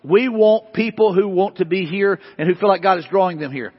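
A man with a high, husky voice preaches from the pulpit, hammering home repeated questions and swelling into emphatic peaks. The sound is dull and lo-fi, with a long reverb tail from a church sanctuary. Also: fairly quick. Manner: repetitive, emphatic preaching with rising bursts. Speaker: pastor. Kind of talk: sermon. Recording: dull lo-fi hall recording.

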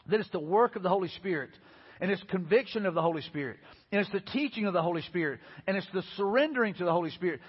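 A middle-aged man, preaching a sermon as pastor, animated and telling stories with quoted dialogue. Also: high-pitched, slightly rough. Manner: animated, storytelling with repeated quotes. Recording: lo-fi recording in a reverberant hall.

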